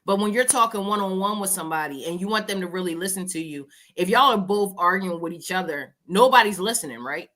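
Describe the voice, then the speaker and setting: Woman cohost, bright sharp voice, earnest advice-giving chat. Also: medium pitch, quick pace, hardly any pauses. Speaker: podcast co-host. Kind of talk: casual group chat.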